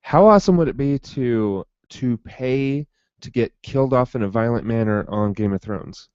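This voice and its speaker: A man's voice: medium pitch, normal speed, a little mellow, clear, resonant tone, no echo, muffled recording. A man co-hosting a podcast in casual chat, with a dry, sarcastic delivery. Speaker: podcast co-host.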